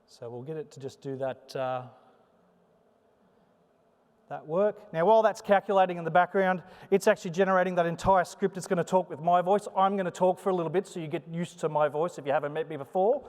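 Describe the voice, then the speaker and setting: A man's voice: high voice, fairly quick. Sing-song man presenting in a hall. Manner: chatty, joking, animated delivery. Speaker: conference presenter. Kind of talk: live conference talk with demo. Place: conference hall. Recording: long hall reverb.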